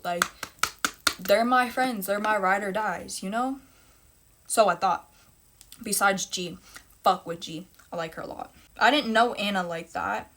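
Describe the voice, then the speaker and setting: A woman's voice: mid-range voice, background noise. A young woman telling a personal story in a casual storytime monologue, blunt and emphatic, with heavy swearing and repeated phrases.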